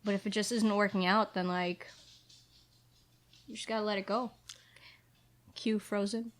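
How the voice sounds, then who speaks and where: A woman's voice: medium pitch, fairly even intonation, a little slow. Playful young woman podcast co-host. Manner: playful, jokey asides, sums things up. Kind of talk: casual chat.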